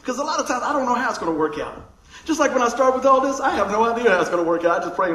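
Older male pastor, high voice, joking sermon style, echoey hall. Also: very fast. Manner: jokey, animated, laughs often. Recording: echoey room with faint noise.

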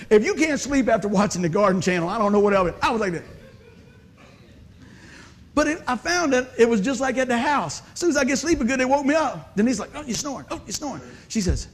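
Preacher guy, high husky voice, chatty and folksy, tells funny stories. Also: animated, brisk. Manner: folksy, conversational, joking with the audience. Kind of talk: sermon with storytelling.

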